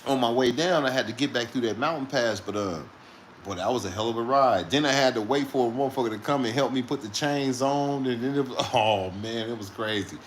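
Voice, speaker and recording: Man in casual chat, mid-pitched voice, cursing freely and chuckling through a long rambling road story. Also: fairly quick, a little hiss or hum. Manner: profane, rambling, laughing between lines. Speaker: truck driver telling a story.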